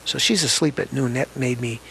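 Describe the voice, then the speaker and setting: In this interview, an older author tells stories from his past, conversational and reflective, frequently starting his sentences over. He talks briskly in a mid-range voice that's gravelly and a bit bright, over slight background noise.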